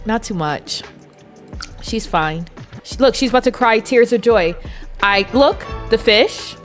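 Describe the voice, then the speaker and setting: Giggly gal in her 20s live streaming a game, higher voice, faint music behind. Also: lively intonation, a little slow. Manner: chatty, giggly, talks to the viewers and narrates the characters. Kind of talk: live gameplay commentary. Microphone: desk mic.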